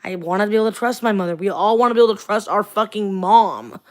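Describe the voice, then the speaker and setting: A woman's voice: mid-range voice, expressive, fast. Angry swearing woman venting on a livestream. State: tired, up at four in the morning. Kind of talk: late-night livestream rant.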